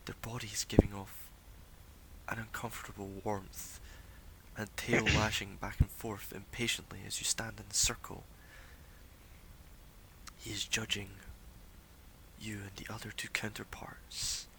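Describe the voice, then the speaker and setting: A man voicing a male seer who tells a vision in a slow, solemn whisper, as whispered role-play. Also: on the low side, flat delivery, poor audio. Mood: ominous. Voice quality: hushed, breathy whisper.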